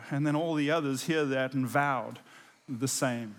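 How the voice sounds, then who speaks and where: A high-voiced male pastor delivering a sermon, animated and emphatic, with frequent laughs. His voice carries a long reverb, as in a large hall. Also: moderate pace.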